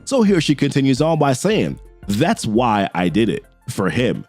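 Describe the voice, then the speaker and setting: A man's voice: mid-range voice, measured pace, husky, faint music behind. A man casually retelling a comic book story, reading characters' quotes with his own asides. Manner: animated retelling, reads quotes with little asides. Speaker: comic book recap narrator.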